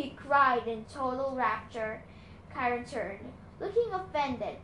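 A woman with a fairly high voice reads a novel aloud in a plain storytelling manner, now and then stumbling over a word. Her voice echoes around the room, and a faint hiss sits under it. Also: animated, slow, fairly bright tone. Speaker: reader.

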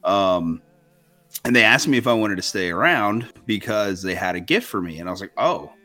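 A man's voice: fairly low pitch, normal speed, pushed and bright. Rambling man, casual storytelling. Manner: rambling, self-interrupting, laughs often. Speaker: podcast co-host.

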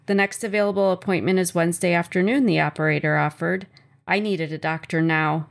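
A slightly low, gravelly female voice reads a chapter of her own memoir aloud. The first-person delivery is personal, measured and earnest.

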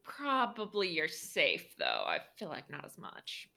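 A woman's voice: deep voice, wildly swooping pitch, unhurried, vocal fry, sharp tone. A woman co-hosting a casual comedy podcast, tossing in wry quips between her friends' jokes. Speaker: podcast co-host.

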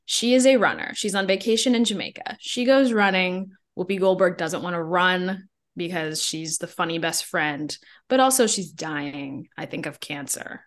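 A woman's voice: on the low side, moderate pace. A woman co-hosting a podcast, recapping a film in casual chat with blunt jokes and frequent laughter. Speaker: podcast co-host.

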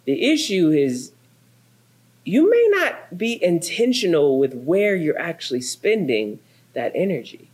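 Male pastor, 30s, slightly high voice, animated sermon storyteller. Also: unhurried. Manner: animated storytelling, acts out quotes. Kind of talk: sermon with humorous family stories.

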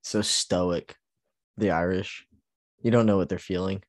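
A man's voice: low-pitched, fairly even intonation, measured pace, dry recording, studio quality. A man co-hosting a podcast in casual chat, laughing often and leaning on "like". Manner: laughs often, heavy use of "like". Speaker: podcast co-host.

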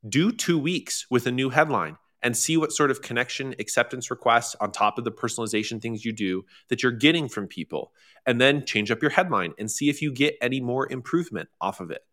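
Bright-voiced man hosting a casual workshop. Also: brisk. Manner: animated, with sudden high-pitched exclamations; chatty, with many fillers and restarts. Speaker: workshop host.

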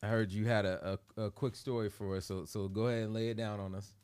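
A man co-hosting a morning radio show, chatting casually and commenting in an emphatic, relaxed way. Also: on the low side, quick pace, smooth.

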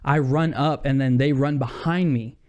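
A young man telling a heated story in casual chat on a podcast, animated and saying "dude" a lot. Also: medium pitch, moderate pace, highs cut off.

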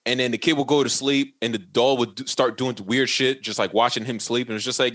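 A podcast co-host with a mid-range voice and a fairly quick pace casually retells a movie plot. He is an animated storyteller, acting out each character's lines with plenty of swearing and laughter.

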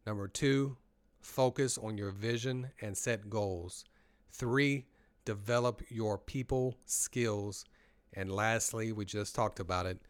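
A man's voice: fairly low pitch, clean tone, no echo. A man hosting a podcast and giving a motivational talk on leadership. He speaks directly to his listeners in a conversational way. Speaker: podcast host.

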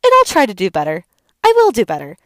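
A young woman talks loosely and enthusiastically about a favourite film, dropping fillers as she goes. Her mid-pitched voice carries a steady gravelly fry. The recording is dry and close, with no room sound. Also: fast talker, no echo. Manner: rambling, chatty, many fillers. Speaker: video host. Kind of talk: casual unscripted film talk.

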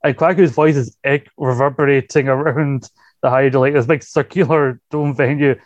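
A man's voice: medium pitch, fairly even intonation, normal speed, dry recording. A man co-hosting a casual chat, rambling through anecdotes. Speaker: podcast co-host. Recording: slightly dull lo-fi sound.

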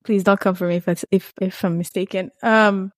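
A woman's voice: medium pitch, steady tone, a little fast, dry recording. Playful woman from Burundi, dry sound. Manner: playful, laughing, defensive. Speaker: podcast co-host. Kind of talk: casual chat.

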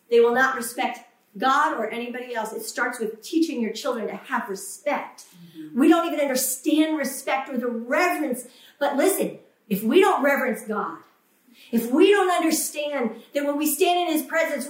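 High-voiced woman preaching in an echoey hall. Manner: impassioned, acts out quoted voices, emphatic repetition. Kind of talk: sermon. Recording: echoey room, voice from a distance.

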